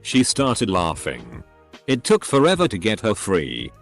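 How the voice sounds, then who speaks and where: A man's voice: lowish voice, wildly swooping pitch, unhurried, creaky, soft background music. A text-to-speech male voice narrating online posts in scripted style, spelling out censored words letter by letter.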